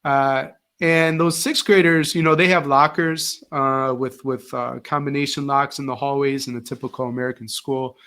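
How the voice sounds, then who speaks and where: A man's voice: mid-range voice, normal speed, few pauses. A middle-aged man, a former teacher, telling stories as an interview guest and acting out the voices he quotes. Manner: animated, acts out quoted voices. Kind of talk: casual interview storytelling.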